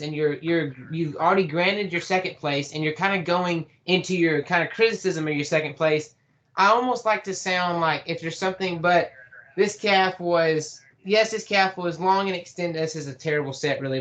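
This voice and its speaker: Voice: medium pitch, fairly bright tone. A teenage presenter at an online youth workshop gives casual coaching advice. The talk rambles, with many fillers, and now and then demonstrates changes of voice. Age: teens.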